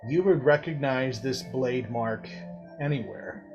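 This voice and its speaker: A man narrating a tabletop game as game master, in slow, measured, dramatic narration. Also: mid-range voice, muffled recording, over music.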